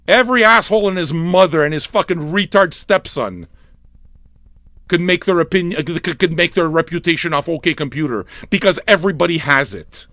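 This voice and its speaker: A high, bright-voiced man rants hard, swearing nonstop and swinging his pitch wildly as he mocks people. The sound is dry and close, with no room around it. His delivery is loud and rough, cut with sneering impressions. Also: expressive, moderate pace, no echo. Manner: swearing, yelling, mocking impressions. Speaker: livestream radio DJ. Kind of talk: profane comic rant.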